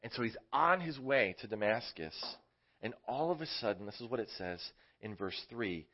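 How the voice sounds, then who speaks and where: A man's voice: on the low side, lively intonation, moderate pace, muffled recording. A man teaching a casual Bible lesson to kids in a conversational way, often asking his listeners questions. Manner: conversational, asks the audience questions. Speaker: children's church teacher.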